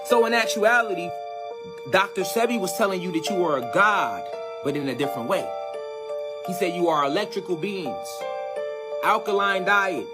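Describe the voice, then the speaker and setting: A man's voice: high-pitched, lively intonation, moderate pace. A man giving a preachy spiritual monologue, lecturing and firing rhetorical questions at the listener. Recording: voice over loud music. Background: loud music.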